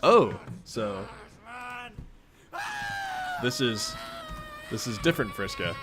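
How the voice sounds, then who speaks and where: A man's voice: medium pitch, sing-song, slow, shouting, background noise. A man reading a webcomic aloud in a casual read-along, chatting and reacting to it and laughing often. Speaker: webcomic reader.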